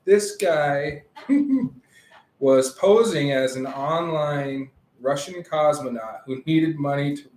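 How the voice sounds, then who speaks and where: A man with a somewhat high voice chats casually on a podcast, often breaking into laughter as he tells a story. The recording sits in a noticeably echoey room. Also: darkish tone. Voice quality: laughs often while telling stories. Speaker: podcast co-host. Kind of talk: casual chat.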